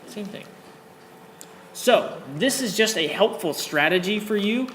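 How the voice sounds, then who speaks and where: A math teacher with a medium-pitched, fairly bright and animated voice gives a classroom lesson at a measured pace. Encouraging, she or he keeps checking in with "okay?" and "all right," while the room echoes over faint background noise.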